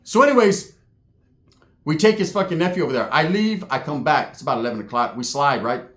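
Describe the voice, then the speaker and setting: A man with a slightly high voice tells a rowdy comic story from the streets. He swears freely and keeps checking in with "right?". The sound is echoey, as if recorded in a bare room. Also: lively intonation, fairly quick, a bit bright. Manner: profane, tags lines with "right?".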